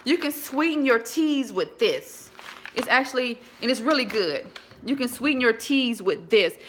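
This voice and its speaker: A woman's voice: a little high, lively intonation, normal speed, a little hiss or hum. A woman chatting casually with live viewers from her home, rambling with many restarts. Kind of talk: casual live-stream chat.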